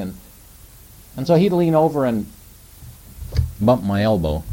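Middle-aged male preacher, warm mellow tone, gentle and conversational, leans on rhetorical questions. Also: on the low side, a little hiss or hum, rough recording. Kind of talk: sermon.

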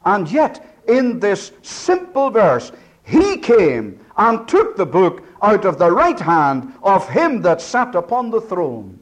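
A man preaching an expository sermon, breaking down words slowly and swinging from booming to hushed. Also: wildly swooping pitch.

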